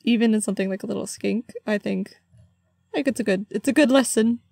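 A woman's voice: medium pitch, fast, creaky, mellow, no echo, studio quality. A woman guesting on a podcast, chatting in a playful, upbeat way. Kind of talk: casual podcast chat.

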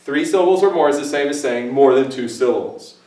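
A man's voice: medium pitch, a little fast. A man teaching a Spanish grammar lesson on video, explaining playfully and joking with his cameraman. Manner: playful, jokey, animated asides. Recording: echoey room, distant mic.

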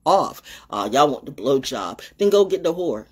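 A woman's voice: sits low, very animated, normal speed, a little mellow, breathy edge. A woman hosting an off-the-cuff livestream, blunt and profane, swinging between ranting and playful sing-song chanting into a phone. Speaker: livestream host.

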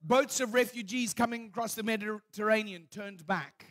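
Preaching a sermon, a man whose voice sits high tells humorous stories at normal speed, acting out the scenes with animation and laughing warmly at his own tales. There's no room sound.

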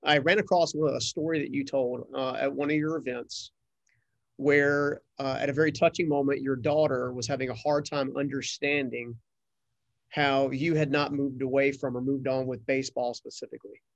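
A male podcast host asks his guest questions in a mid-pitched voice, warm and encouraging, with frequent affirmations. The recording is dry and close, with no room sound. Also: fairly even intonation, normal speed, creaky, no room sound, muffled recording. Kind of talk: interview host.

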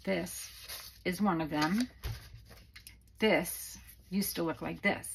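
A woman's voice: on the low side, slow, gravelly, a little hiss or hum, poor audio. A woman hosting a casual craft tutorial from her home craft room, chatty and rambling with many fillers, a little out of breath. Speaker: craft channel host.

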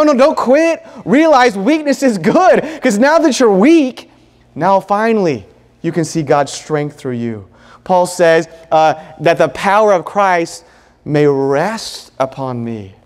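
Earnest high-voiced male preacher in a church. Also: big-room sound. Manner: earnest, emphatic, with pauses and repetition. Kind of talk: sermon. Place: church sanctuary.

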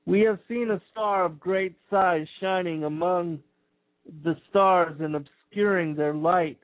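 Slow high-voiced man reading scripture. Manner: slow, measured, archaic phrasing. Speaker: scripture reader. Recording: tinny phone-like sound.

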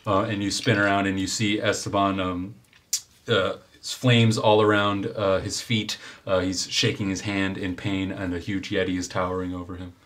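A man with a slightly low voice runs a tabletop game as game master. He narrates the action energetically, with plenty of fillers. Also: moderate pace. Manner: energetic, descriptive, many fillers.

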